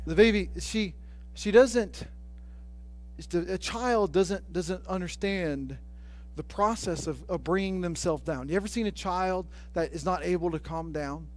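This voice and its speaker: A man with a high, light voice preaching a sermon. He tells stories quietly, then rises to fervent, ringing declarations and repeats phrases for emphasis. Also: rough recording. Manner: builds from soft storytelling to loud preaching. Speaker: pastor.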